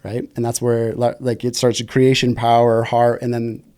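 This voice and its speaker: A man and relationship coach, explaining ideas gently and often checking in with "right?". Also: mid-range voice, monotone, moderate pace, smooth.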